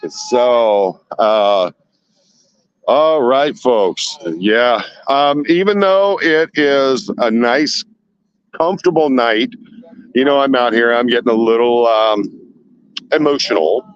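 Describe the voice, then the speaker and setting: A man's voice: medium pitch, slow pace, clear, resonant tone, dull audio. A man live-streaming outdoors at night from a handheld phone, sweating as he reads chat and fires off indignant rhetorical questions.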